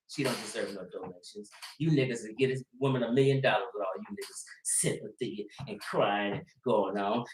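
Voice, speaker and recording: A man hosting a livestream, ranting bluntly and profanely, swinging between loud outbursts and low muttering. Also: slight background noise. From Los Angeles. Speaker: livestream host. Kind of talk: livestream commentary rant.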